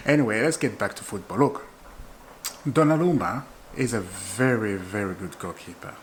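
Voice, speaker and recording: A man from Zambia, hosting his own football channel in an excitable, chatty way and laughing often. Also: mid-range voice, unhurried, long pauses, slight background noise, rough recording. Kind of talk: casual football chat to camera.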